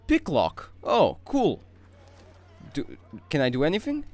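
A man, not a native English speaker, commenting excitedly while playing a video game and thinking aloud. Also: on the high side, takes it slowly, soft background music. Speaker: gaming channel host. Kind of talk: let's-play commentary.

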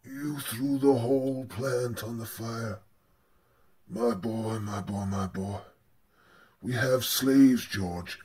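A man voicing a solemn old colonial-era father scolding his son, slow and grave. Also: mid-range voice, a little mellow, husky, voice pushed down. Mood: stern.

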